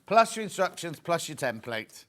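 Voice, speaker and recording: Excitable high-voiced British man selling. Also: moderate pace. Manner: excitable, chatty, repeats prices, asides to studio crew. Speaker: TV shopping presenter. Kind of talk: live shopping channel sales pitch. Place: TV studio.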